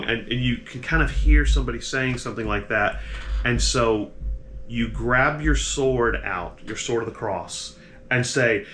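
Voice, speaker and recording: A man running a tabletop game, narrating in halting bursts full of restarts. His pitch is ordinary for a man. A faint hiss sits behind him. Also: a bit bright. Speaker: game master.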